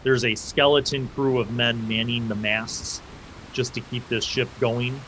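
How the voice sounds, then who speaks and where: A young man narrates a tabletop game as its game master, loose and casual, full of fillers and restarts. His voice sits at an ordinary middle pitch. A faint hiss runs under the recording. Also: level tone, a little slow. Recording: faint background noise.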